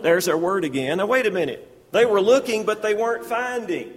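Guy preaching a sermon, reads the verses out and does the lines, voice a bit high, big hall echo. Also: fairly quick. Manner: expository, reads scripture aloud and acts out the speakers' lines.

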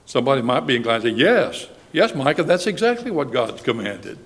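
A man preaching a Sunday sermon, with a measured delivery that slows down when he reads scripture aloud. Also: mid-range voice, sing-song, fairly bright tone. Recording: reverberant hall.

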